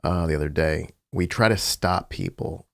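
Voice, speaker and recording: A man co-hosting a podcast, speaking in a reflective, measured way. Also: a bass voice, vocal fry, a bit bright, dry recording, studio quality. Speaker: podcast co-host. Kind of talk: casual chat.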